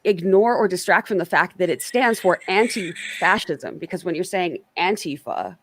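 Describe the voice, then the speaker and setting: A woman's voice: lowish voice, lively intonation, moderate pace, no room sound. A woman hosting a casual political panel on a stream, chatty and self-qualifying, often restarting her sentences. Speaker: stream host.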